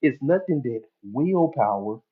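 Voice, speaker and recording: A man's voice: mid-range voice, lively intonation, a little slow, narrow, tinny audio. Colloquial male hypnotherapist acting out inner voices. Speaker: hypnotherapist and coach. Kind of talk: casual teaching talk.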